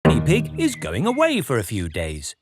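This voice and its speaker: A woman narrating a children's cartoon in a clear, lively storybook manner. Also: a bass voice, normal speed, loud music behind the voice.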